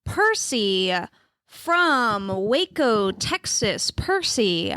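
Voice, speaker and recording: A woman's voice: on the high side, big pitch swings, very slow, pushed and bright, no room sound, studio quality, full character voice. A woman playing an upbeat, breezy advice-show hostess in an improvised comedy sketch. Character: chipper advice-show hostess Miss Tracy. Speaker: host.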